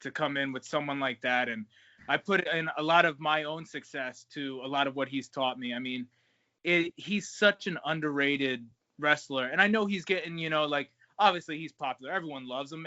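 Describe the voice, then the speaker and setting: Bright, casual wrestler, dull lo-fi sound. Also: male voice, fairly high pitch, dry recording. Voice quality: casual, swears freely, says man and bro. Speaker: pro wrestler guest. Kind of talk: casual interview chat.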